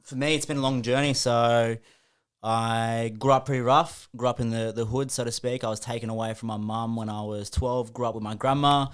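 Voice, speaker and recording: Australian man, late 20s, casual guest, animated sweary storyteller. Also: medium pitch, fairly quick, clean tone. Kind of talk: casual podcast interview.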